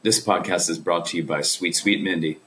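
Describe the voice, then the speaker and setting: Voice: low-pitched, steady tone, brisk, fairly bright tone, slight background noise. A podcast host in casual, playful chat who giggles often and rambles a little.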